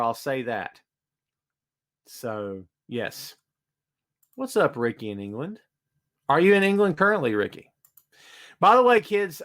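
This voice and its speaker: A man's voice: fairly high pitch, fairly bright tone. A man hosting a casual live-stream podcast from his home studio, chatting and greeting viewers by name. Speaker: podcast host.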